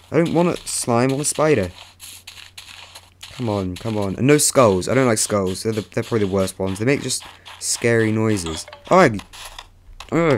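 A man's voice: fairly low pitch, a little hiss or hum. A young man rambling chattily through casual gameplay commentary as a let's play host, breaking into sudden yelps.

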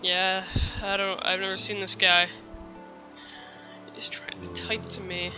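A gamer recording a let's play at home, complaining and often clearing a thick-sounding throat. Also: medium pitch, flat delivery, unhurried, music in the background, poor audio. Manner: easily frustrated, complaining aloud. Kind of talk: casual game commentary.

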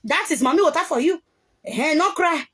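A woman's voice: high voice, animated, moderate pace, fairly bright tone, a little hiss or hum. A Nigerian woman ranting heatedly on a live video, scolding and mixing pidgin with a local language, recorded on a phone.

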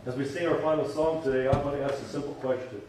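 A man's voice: medium pitch, fairly even intonation, quick pace, a little mellow, far from the mic, slight background noise. A man preaching a sermon and leading a closing prayer as pastor, emphatic, repeating phrases and building to fervent exhortation. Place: church sanctuary. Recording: very echoey church hall, voice from afar.

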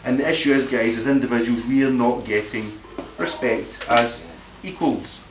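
A man's voice: medium pitch, moderate pace. A man speaks bluntly to a room of listeners and often repeats words mid-sentence. He is picked up from a distance, so his voice sounds roomy and echoey. A faint hiss sits under the recording. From Scotland. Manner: blunt, combative, repeats words while searching. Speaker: meeting speaker. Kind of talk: informal talk to a live audience. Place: meeting room.

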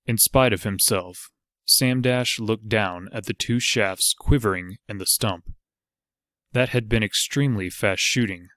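A man narrates an audiobook in a steady, measured way. His voice sits low and unhurried. The sound is dry and close, with no room around it. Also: no echo. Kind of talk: scripted narration.

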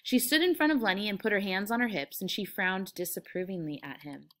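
A woman's voice: mid-range voice, fairly quick, a bit bright. Woman, English teacher, reading aloud, explanatory, mid-range voice. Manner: explanatory, with frequent fillers. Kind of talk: reading a novel aloud with class commentary.

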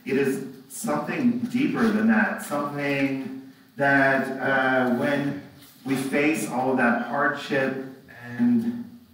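A man's voice: medium pitch, fairly even intonation, takes it slowly, fairly bright tone. A man preaching a reflective sermon as pastor, often ending thoughts with tag questions. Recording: echoey room, mic far off.

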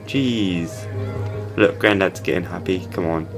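A man's voice: sits low, a little slow, gravelly, over music. A young man giving casual gameplay commentary and heckling the game characters. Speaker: gaming channel host.

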